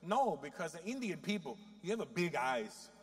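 A man doing a blunt salon manicurist woman, speaking broken English slowly and flatly. She states her odd remarks as plain fact, with no hint of a joke. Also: sits low. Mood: matter-of-fact.

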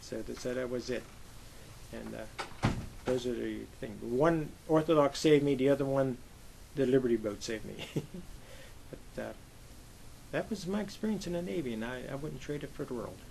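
An older man from Pennsylvania, a Navy veteran, telling lively anecdotes in an oral history interview and acting out the voices he quotes. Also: mid-range voice, normal speed, gravelly, a little hiss or hum, poor audio. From Pennsylvania, USA.

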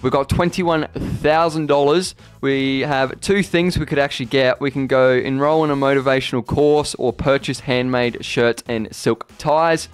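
A man commentating his own football video game career, yelling at missed chances and then muttering in defeat. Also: medium pitch, smooth. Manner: excitable, swings between shouting at the game and deflated muttering. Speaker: gaming YouTuber. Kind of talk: gameplay commentary.

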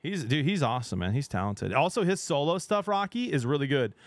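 Excitable middle-aged man chatting on stream. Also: a little high, fairly quick, no room sound. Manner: chatty and excitable, laughs often, trails off mid-sentence. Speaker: game streamer. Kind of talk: casual live-stream chat.

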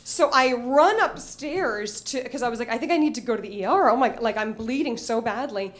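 A woman's voice: fairly high pitch, a little fast. A young adult woman telling a funny personal story on stage, self-mocking and acting out the voices of people in it. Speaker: stand-up comedian. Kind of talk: live comedic storytelling.

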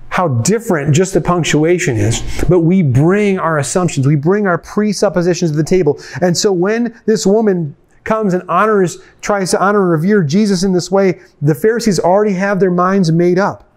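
A male pastor with a high voice delivers a conversational sermon at a moderate pace. He retells a scene in a lively way and speaks directly to his listeners.

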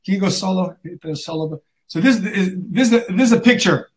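A man's voice: high-pitched, moderate pace. A man hosting an interview show, upbeat, with frequent fillers. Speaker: host.

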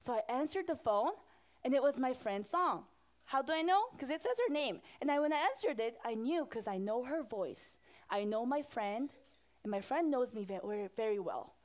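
High-voiced woman pastor talking to kids. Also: normal speed. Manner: animated, asks the children questions. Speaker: children's pastor. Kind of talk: children's sermon.

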